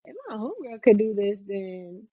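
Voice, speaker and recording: A woman's voice: medium pitch, animated, normal speed, slightly rough. Reflective woman co-host, dull sound. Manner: rambling, reflective, laughs easily. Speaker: podcast co-host. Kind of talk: casual chat.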